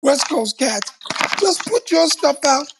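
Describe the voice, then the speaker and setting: A man's voice: extremely high pitch, expressive, slow pace, creaky, very noisy. An older man from Long Island, New York, telling stories in a casual conversation and animatedly acting out the voices he quotes. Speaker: co-host, former TV host.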